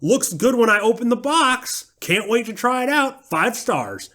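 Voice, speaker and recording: A smug, clueless online reviewer with a mock Southern drawl, as a man puts him on. He lifts his voice well above his usual pitch and stretches every word slowly. He sounds pleased with himself. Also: big pitch swings, sharp tone, exaggerated voice. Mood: cheerful.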